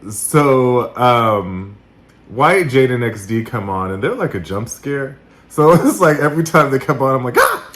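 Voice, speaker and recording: A man's voice: mid-range voice, animated, a little slow, a bit bright. A man in his thirties co-hosting a casual recap podcast, telling stories with laughs and quoted asides. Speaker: podcast co-host.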